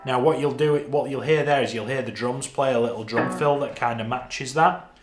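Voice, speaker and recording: In an echoey room, a man with a Northern English accent leads a guitar lesson at normal speed in a mid-range voice. He counts the beats aloud and explains the parts while he plays.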